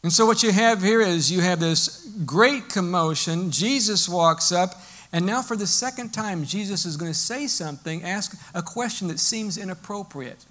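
A male pastor preaching a sermon in a lively, storytelling way, explaining as he goes. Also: high voice, normal speed.

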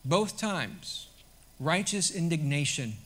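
A man preaching a sermon to his congregation in a conversational way that swells to loud, emphatic peaks. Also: on the high side, animated, slow. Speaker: pastor.

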